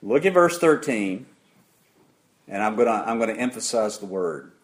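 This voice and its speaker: A man preaching an interactive sermon, putting questions to the congregation in an emphatic, deliberate way. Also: on the low side, lively intonation.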